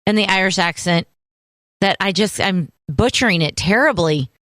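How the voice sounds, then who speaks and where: A woman co-hosting a radio show, running through items in a brisk, list-reading way. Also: mid-range voice, animated, a bit bright, dry recording. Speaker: radio co-host. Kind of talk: morning radio show chat.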